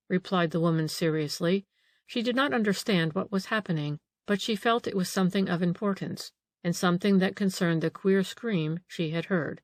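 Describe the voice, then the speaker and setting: A woman narrating an audiobook in a measured, steady storytelling manner. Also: on the low side, no echo. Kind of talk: scripted narration.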